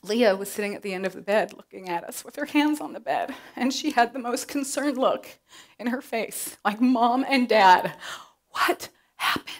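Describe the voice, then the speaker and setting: A middle-aged woman telling a personal story to an audience, animated and acting out the voices she quotes. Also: on the high side, moderate pace. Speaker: presenter.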